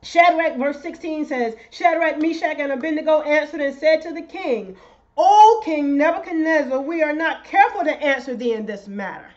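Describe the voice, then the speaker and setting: A woman pastor preaching a sermon, excitable and rising to shouts. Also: high-pitched, normal speed, lo-fi sound.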